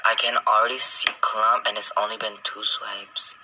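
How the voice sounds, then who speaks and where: A man's voice: fairly low pitch, level tone, moderate pace, pushed and bright, low-quality recording. A man talking casually through his makeup routine in a sassy, profane, exclamatory way. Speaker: beauty vlogger. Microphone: phone close up. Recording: phone story audio with background noise.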